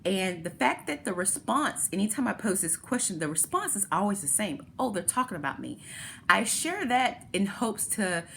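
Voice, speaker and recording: A woman's voice: medium pitch, sing-song, moderate pace, few pauses, a bit bright, slight background noise. A woman hosting a talk, explaining a therapy idea step by step through everyday examples. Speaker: host.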